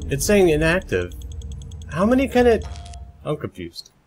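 A man's voice: on the high side, wildly swooping pitch, normal speed, darkish tone, a little hiss or hum. A man doing live gameplay commentary at home, chatty and muttering to himself, now and then bursting into playful shrieks. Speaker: video game live streamer. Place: home room, roommate asleep nearby.

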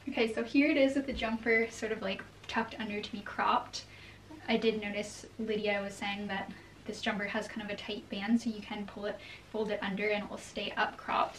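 A young woman with a fairly high voice talks chattily to camera, cheerful and quick to laugh. She sounds a step away from the mic, with a faint hiss behind her. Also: flat delivery. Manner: upbeat and chatty, with frequent laughs. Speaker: fashion vlogger. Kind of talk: casual chat to camera, trying on clothes. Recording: distant mic with faint background noise.

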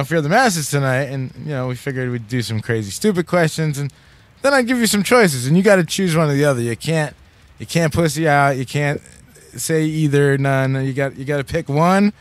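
A man hosting an uncensored radio show, joking and asking silly questions in a deadpan, profane way. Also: on the high side, dry recording. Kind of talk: casual joking banter.

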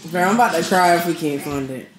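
A woman's voice: lowish voice, fast. A woman in her twenties talking casually to her viewers while cooking and hanging out at home, addressing them as "y'all". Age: 20s. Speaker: vlogger. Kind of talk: casual vlog chat. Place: home kitchen and living room. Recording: echoey room with background noise.

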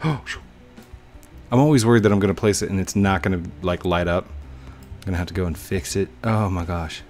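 Young man, low voice, casual game commentary, chatty, excitable, faint music behind. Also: normal speed. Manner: chatty, talks to himself, sudden excited outbursts. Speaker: gaming YouTuber.

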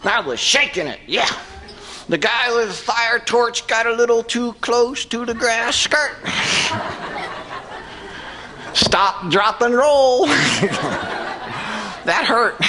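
A shrill cheeky redneck puppet. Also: male voice, very animated, extremely slow, long pauses, heavily acted. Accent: Southern US. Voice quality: high, hollering and whooping. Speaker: ventriloquist's dummy. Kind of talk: stand-up ventriloquist act. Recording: noisy comedy club.

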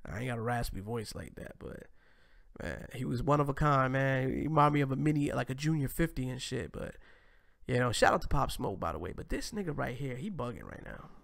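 A man hosting a casual commentary show, reacting to clips in a loose, profane, animated way. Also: mid-range voice, brisk, creaky. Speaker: host.

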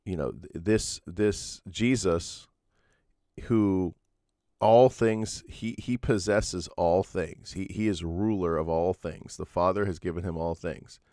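Low-voiced preacher in a dry room. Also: male voice, slow pace, mellow, dry recording. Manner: earnest, explanatory, with frequent fillers and restarts. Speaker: pastor. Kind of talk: sermon.

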